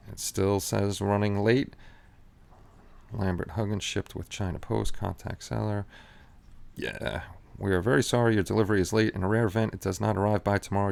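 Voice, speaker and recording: A man's voice: low voice, creaky. A man hosting a casual live stream, chatting loosely with many fillers and restarts. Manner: rambling, with frequent restarts and fillers.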